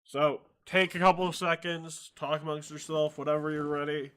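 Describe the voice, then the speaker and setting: A man's voice: on the high side, fairly even intonation, normal speed, fairly bright tone, clean tone. A man narrating as game master of a tabletop game, casual and often restarting his sentences.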